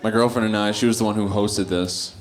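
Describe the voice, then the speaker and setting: A young man doing a stand-up comedy set on a club stage, telling stories in an animated way, acting out quotes and laughing often. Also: on the low side, a little fast. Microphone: handheld stage mic. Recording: live club recording with audible noise. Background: audience laughter.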